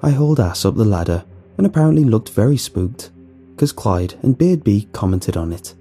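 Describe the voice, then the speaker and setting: A man's voice: lowish voice, lively intonation, normal speed, dark tone, slightly rough, soft background music. A man narrating a first-person horror story in a wry, nervous storytelling manner.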